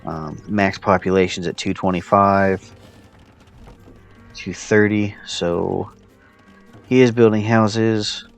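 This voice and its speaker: Male player, deep voice, narrates his own match loosely with ums, faint music underneath. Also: slow pace, creaky, long pauses. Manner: relaxed, thinking aloud with fillers. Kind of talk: casual gameplay commentary.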